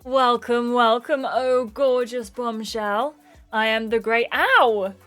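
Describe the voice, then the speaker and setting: A woman's voice: a little high, slow pace, fairly bright tone, faint music behind. A woman voicing a goofy, theatrical young male musician in a clownish manner.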